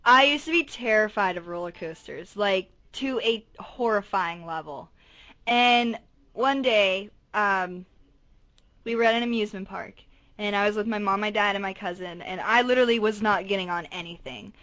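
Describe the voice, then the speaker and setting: A woman's voice: mid-range voice, normal speed. A woman in her twenties co-hosting a podcast, telling rambling stories in casual chat and acting out quotes. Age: 20s. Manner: rambling, animated storytelling with acted-out quotes. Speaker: podcast co-host.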